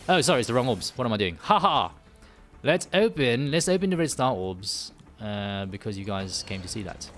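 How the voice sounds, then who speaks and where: A man's voice: mid-range voice, big pitch swings, normal speed, a bit bright, faint music behind. A man from the UK hosting a live game stream, rambling and joking with many restarts and fillers. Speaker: gaming livestream host. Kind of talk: casual live stream chat.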